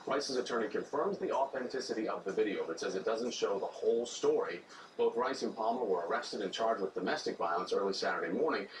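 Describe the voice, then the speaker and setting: A man anchoring a morning news show, reading quick news briefs in a brisk, conversational way. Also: lowish voice. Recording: roomy studio, distant mic, faint noise.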